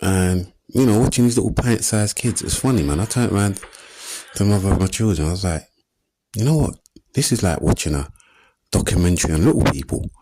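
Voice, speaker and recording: A man in his thirties with an East London accent doing a stand-up comedy set, animated and streetwise, acting out little scenes. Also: low voice, quick pace, noisy background. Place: comedy stage before a live audience.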